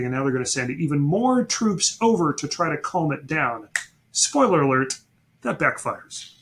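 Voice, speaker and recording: A man teaching a history class, telling events as a story with asides to his students and quick acted-out quotes. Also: a little high, animated, fairly bright tone, slight background noise.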